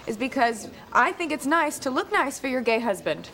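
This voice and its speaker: A woman's voice: high-pitched, sing-song, normal speed, very noisy. An actress playing a young woman in a sitcom, defensively explaining herself. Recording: sitcom clip with loud laugh track.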